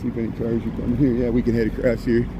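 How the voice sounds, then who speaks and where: Talking rapid-fire in a monotone, medium-pitched voice, a vlogger streams a walking tour of city streets, rambling casually and dropping sarcastic remarks. It's shot on a handheld phone amid traffic and street noise.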